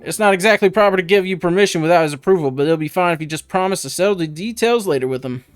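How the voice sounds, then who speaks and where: A man voicing a male village head in a game, with a slow country drawl and a chatty, evasive manner. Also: sits high, clean tone, no echo, faint music behind, natural voice. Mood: folksy.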